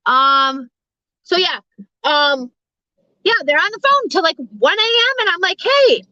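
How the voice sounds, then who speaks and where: A woman's voice: very high voice, animated, unhurried, sharp tone, no echo. A middle-aged woman chatting casually with her live viewers, rambling, swearing freely and laughing often. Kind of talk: casual live-stream chat. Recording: dull, lo-fi sound.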